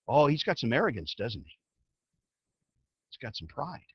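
A man preaching a sermon as a pastor. He tells the story in an animated way and swings from loud to hushed. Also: high-pitched, normal speed, no room sound, highs cut off.

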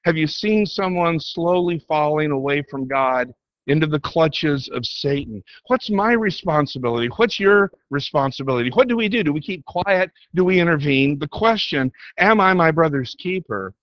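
A man delivers a sermon in an earnest preaching manner, his voice a little high for a man. He leans into quoted scripture, slowing down and lifting his pitch for emphasis. The sound is dull and lo-fi, dry and close. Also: expressive, no echo.

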